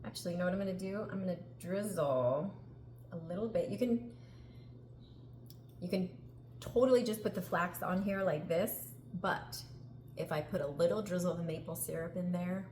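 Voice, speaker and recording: A middle-aged woman hosts a casual cooking demonstration in her home kitchen, upbeat, chatty, and laughing often. Her voice is fairly low and a little mellow, at a normal pace, and the kitchen sounds echoey with background noise.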